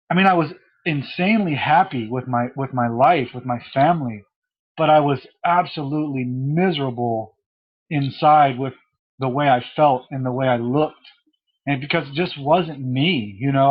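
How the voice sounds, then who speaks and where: A young man recounts a hard personal story in a halting way, restarting his sentences. His voice catches with emotion, and he speaks at an average pitch. The recording sounds a little dull and lo-fi. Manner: halting, with many restarts and fillers, voice cracking with emotion. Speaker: guest telling his story. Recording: dull lo-fi audio.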